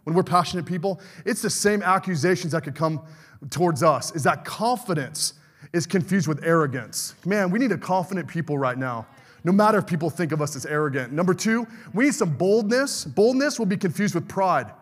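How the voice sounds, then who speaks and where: A man's voice: high-pitched, lively intonation, fairly quick, slightly rough, long reverb tail. A middle-aged male pastor preaching a fervent sermon, calling out to the congregation for amens.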